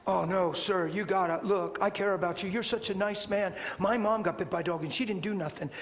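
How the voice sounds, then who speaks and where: A man's voice: sits high, fairly even intonation, brisk. A man voicing a worried young woman who pleads anxiously in run-on sentences. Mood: pleading. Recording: long hall reverb, faint noise.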